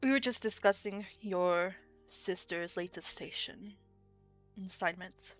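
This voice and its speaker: A woman's voice: fairly low pitch, slow pace, a bit bright, faint music behind. A woman voicing a cold, scornful middle-aged father who speaks curtly and dismissively. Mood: measured. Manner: curt, dismissive.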